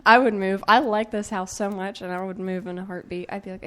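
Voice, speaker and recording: A woman co-hosting a casual chat, congested, teasing with quick retorts. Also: mid-range voice, steady tone, bright, forceful tone. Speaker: co-host.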